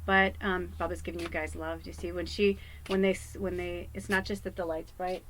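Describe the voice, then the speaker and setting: A woman's voice: fairly low pitch, flat delivery, fairly quick, fairly bright tone, slight background noise, low-quality recording. A woman who works as a psychic medium, talking to her viewers from home in a rambling, candid way, swearing and laughing often. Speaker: psychic medium and card reader. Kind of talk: casual rambling talk to viewers.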